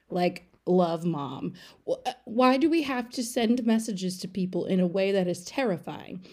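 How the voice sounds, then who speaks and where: A woman's voice: medium pitch, expressive, measured pace, a little mellow. A woman giving a casual, irreverent comedic movie recap, chatty and swearing freely. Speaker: podcast segment recapper.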